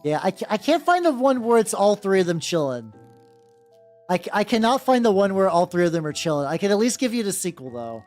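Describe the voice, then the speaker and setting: A chatty miniature-painting VTuber talks to a live stream audience while working. The voice swings widely in pitch and rambles in loose, profane asides. Soft background music plays underneath. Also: sing-song, a little fast. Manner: rambling and profane, with frequent self-restarts; greets and chats with viewers while working. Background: faint background music.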